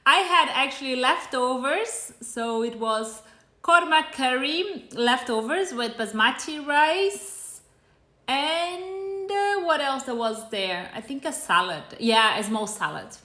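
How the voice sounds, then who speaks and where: Brazilian-accented woman host, unhurried chatty live cooking stream, bright tone, echoey room. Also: high-pitched. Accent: Brazilian Portuguese. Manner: chatty, greets viewers by name. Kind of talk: casual live-stream chat.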